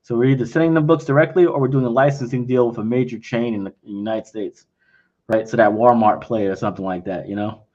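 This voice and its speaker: A man's voice: medium pitch, steady tone, quick pace, a little mellow, muffled recording. A man answering investor questions in a casual livestream, talking bluntly and frankly, often acting out both sides of conversations. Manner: blunt and frank, acts out quoted exchanges.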